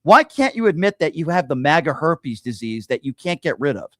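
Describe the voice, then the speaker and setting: A combative male talk radio host who talks over his callers and hurls insults at them. His voice sits a little high, and the sound is dry and close. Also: very animated, a little fast, no room sound. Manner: loud, insulting, berating callers. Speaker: radio call-in show host.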